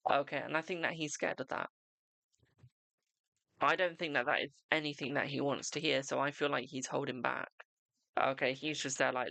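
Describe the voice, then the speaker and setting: A man's voice: medium pitch, steady tone, moderate pace, creaky, pauses often, sharp tone, no room sound. A young man hosting a live-streamed tarot reading, reassuring and repetitive, calling the viewer "my darling" and checking in with "okay?".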